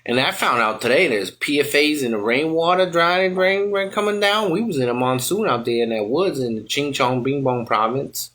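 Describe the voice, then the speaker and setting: A man telling a wild comedic tall tale in rambling, ungrammatical, excitable bursts. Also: mid-range voice, normal speed, few pauses. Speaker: comic storyteller. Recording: loud music behind. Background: loud music.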